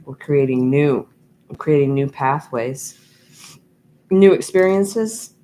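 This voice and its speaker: A woman giving a channeled tarot reading, talking slowly and meandering with many ums and restarts. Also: low-pitched, dark tone, low-quality recording. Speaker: tarot reader. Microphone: USB microphone.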